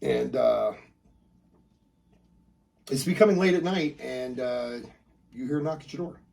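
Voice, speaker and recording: A man's voice: medium pitch, a little slow, vocal fry, recorded from a distance, noisy background. A man narrating as game master of a tabletop game, rambling with many fillers and restarts.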